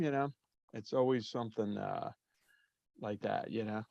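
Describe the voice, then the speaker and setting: A man's voice: lowish voice, moderate pace, vocal fry, mellow, no echo. An easygoing man chatting as a guest, his talk loose and full of fillers. The sound is dry with little room behind it. It is also a bit muffled, as from a remote call. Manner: easygoing, rambling with many fillers. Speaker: drummer guest. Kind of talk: casual interview talk.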